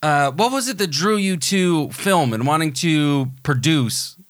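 A man's voice: fairly high pitch, expressive, unhurried, no echo, studio quality. Enthusiastic American man hosting a podcast. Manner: rambling, enthusiastic, many fillers and restarts. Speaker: podcast host. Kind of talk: casual podcast interview.

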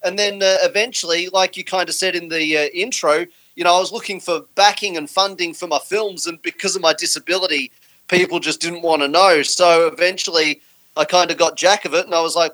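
Man, Australian accent, filmmaker guest, relaxed, joking, high voice. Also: a little fast, poor audio. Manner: relaxed, joking, says "uh" often. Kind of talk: casual interview answers.

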